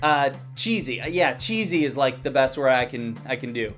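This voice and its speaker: A young man delivers a fired-up movie review rant, blunt and peppered with swearing. His voice sits at an ordinary, middling pitch, and soft music plays faintly underneath. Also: lively intonation, normal speed. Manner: heated, profane and exasperated.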